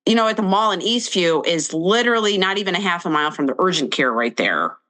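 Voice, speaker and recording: Woman, podcast guest, low voice, very lively pitch, dramatic storyteller. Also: quick pace. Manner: animated, acts out quotes dramatically. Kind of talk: casual storytelling chat.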